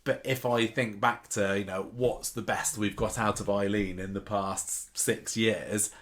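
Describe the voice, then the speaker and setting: A man's voice: fairly low pitch, fairly even intonation, unhurried, fairly bright tone. A man co-hosting a podcast, thinking aloud in casual chat with frequent restarts. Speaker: podcast co-host.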